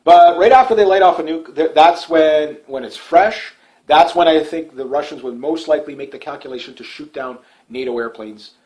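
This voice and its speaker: A man's voice: fairly high pitch, moderate pace, darkish tone, lo-fi sound. A middle-aged man delivering a casual political monologue to his channel, rambling and repetitive with frequent restarts. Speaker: political YouTuber.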